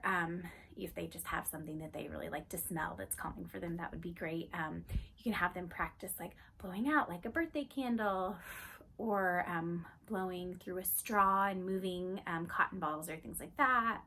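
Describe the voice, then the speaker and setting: A woman giving gentle, unhurried advice on calming young children, in a casual talk to camera, sometimes dropping to a near-whisper. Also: on the low side.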